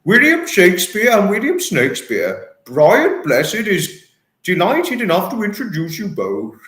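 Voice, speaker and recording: A bellowing, grand old stage actor with a voice that swoops high and wide, as a livestream host puts him on. It rings out in an echoey room. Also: male voice, wildly swooping pitch, measured pace, full character voice. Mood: grandiose. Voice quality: booming, shouting. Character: booming theatrical older male actor impression.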